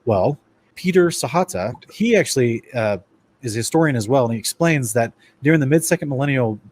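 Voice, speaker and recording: A man presents a casual lecture-style Bible study in an animated, conversational way. His voice sits in an ordinary middle pitch. He talks straight to his listeners as guys and trips over words as he reads from his notes. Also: a little fast, a little hiss or hum. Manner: animated, addresses listeners as guys, stumbles and restarts while reading.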